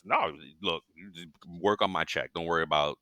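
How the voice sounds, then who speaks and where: Man co-host, low pitch with a bright, forceful tone, dry close sound, enthusiastic. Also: normal speed, dry recording. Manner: enthusiastic, laughs easily. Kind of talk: casual podcast chat.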